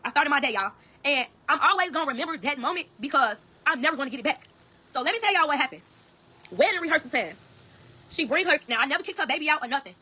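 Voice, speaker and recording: Speaking fast in a high, pushed and bright voice with lively intonation, a woman tells her story over a phone-camera livestream. Her delivery is emphatic and full of profanity, and she constantly turns to her viewers with "y'all."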